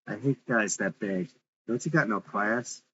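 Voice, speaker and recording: A man reading the part of a defiant, sharp-tongued young woman, with blunt, mocking retorts. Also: on the low side, measured pace, dull audio, crowd noise, natural voice.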